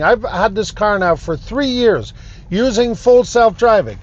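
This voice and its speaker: High-voiced man ranting slowly from his car. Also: lively intonation, lo-fi sound. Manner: emphatic, indignant ranting with repeated phrases. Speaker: vlogger. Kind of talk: talking to camera.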